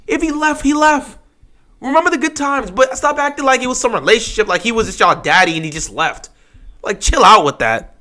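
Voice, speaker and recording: A man's voice: very high voice, expressive, brisk, bright, forceful tone. A man hosting a casual live stream, talking over a football game and mocking upset fans with whiny impressions.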